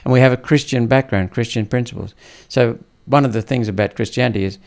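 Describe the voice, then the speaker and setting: A man's voice: mid-range voice, quick pace, gravelly. A man born in India, a senator speaking as a podcast guest, blunt and emphatic in casual interview talk.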